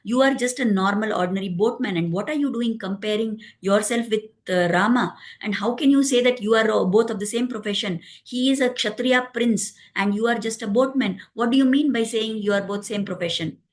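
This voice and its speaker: A man's voice: sits high, a little fast, hardly any pauses, close to an everyday voice. A woman voicing a proud young male prince who scolds angrily in a told story. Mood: angry.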